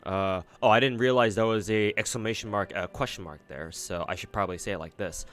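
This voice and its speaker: A man's voice: on the low side, brisk, a bit bright, faint music behind. A man streaming, chatting casually and rambling between read lines of a game. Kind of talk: casual chat while reading a game aloud.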